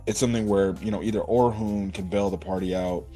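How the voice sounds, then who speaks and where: A man's voice: lowish voice, steady tone, brisk, mellow, soft background music. A man giving a casual, rambling anime episode review, full of fillers and slang.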